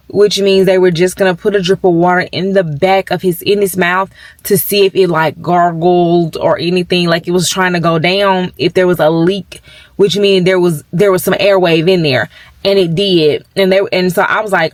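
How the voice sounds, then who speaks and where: A woman's voice: on the low side, steady tone, moderate pace, no echo. Emotional woman vlogging in a dry room. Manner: emotional, talks straight to viewers. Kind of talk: casual vlog update. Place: at her workplace.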